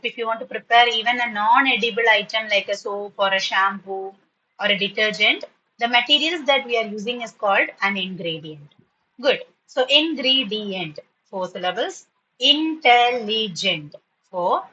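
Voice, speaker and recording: A woman teaching spoken to school students in an online class, patiently repeating words slowly to model their pronunciation. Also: mid-range voice, pushed and bright, highs cut off.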